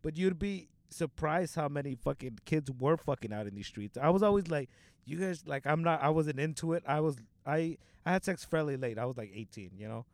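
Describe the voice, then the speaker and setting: A man's voice: fairly high pitch, lively intonation, a little fast, dry recording. A young man in casual podcast chat, slangy and profane, filling his talk with "like" and "dude".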